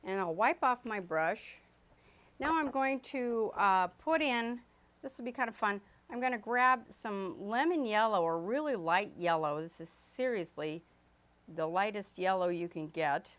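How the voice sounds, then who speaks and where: A woman's voice: mid-range voice, lively intonation, measured pace, fairly bright tone. A woman teaching an oil painting lesson as she paints, chatty and loose, with fillers and self-corrections. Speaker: art instructor. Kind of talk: painting demonstration.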